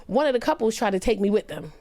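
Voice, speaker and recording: A woman comedian on a podcast, telling a personal story earnestly and emphatically, her pitch rising when she quotes people. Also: very animated, fast, warm tone. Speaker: comedian guest.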